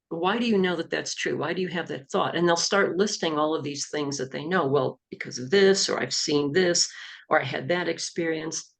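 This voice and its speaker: Woman coach with a gravelly edge. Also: sits low. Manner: explanatory, easygoing, with fillers. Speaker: executive coach and hypnotherapist. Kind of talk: recorded talk on self-help techniques.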